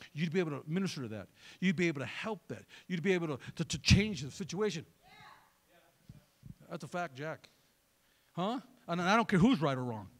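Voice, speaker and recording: Male pastor, sermon, animated pitch swings, loose and joking with the congregation. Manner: conversational, joking, asks the crowd for replies.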